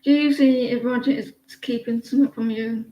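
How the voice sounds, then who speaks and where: A woman's voice: fairly high pitch, steady tone, fairly quick, noisy background. A woman giving a casual livestream tarot reading, rambling and chatty as she talks to viewers by name. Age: adult with a daughter. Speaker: tarot reader.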